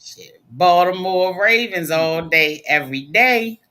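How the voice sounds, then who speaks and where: Bright-voiced woman co-host. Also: fairly low pitch, animated, slow. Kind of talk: casual sports talk.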